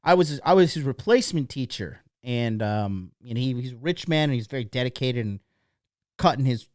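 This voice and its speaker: A man's voice: medium pitch, expressive, moderate pace, no echo, clean studio sound. A man in his thirties, a dating coach telling a rambling story in a blunt, profane motivational monologue.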